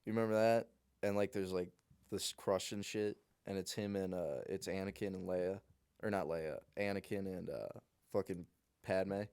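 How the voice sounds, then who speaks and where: Young male co-host, lower-pitched, crude joker who laughs often, casual podcast chat. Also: steady tone, normal speed, darkish tone, clear, resonant tone. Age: young adult. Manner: crude joking, laughs a lot.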